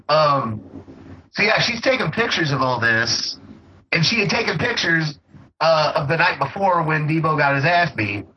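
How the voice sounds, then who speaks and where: A man's voice: fairly high pitch, lively intonation, a little slow, sharp tone, dull audio, a little hiss or hum. A man co-hosting a podcast, chatting casually and profanely about a movie, laughing a lot and acting out quotes while recapping the plot. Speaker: podcast co-host. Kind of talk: casual movie review chat.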